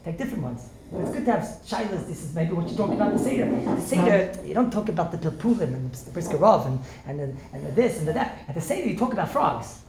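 A man, a rabbi, giving an informal holiday talk, animated, firing rhetorical questions and joking with listeners. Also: high voice, fast, hardly any pauses, a loud crowd. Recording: echoey room with faint noise.

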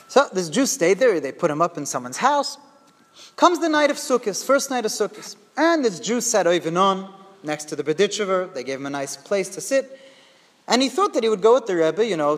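A man telling a story in a sermon, in an animated, conversational way. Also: high-pitched, big-room sound.

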